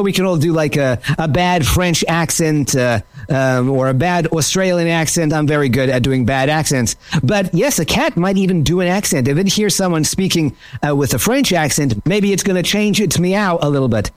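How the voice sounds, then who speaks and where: A male radio host chatting through a quirky fact of the day. His voice sits a bit high and swings widely in pitch. The studio sound is dry and close, and he talks casually with plenty of uhs. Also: no room sound. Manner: chatty, opinionated, with fillers. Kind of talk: radio talk segment.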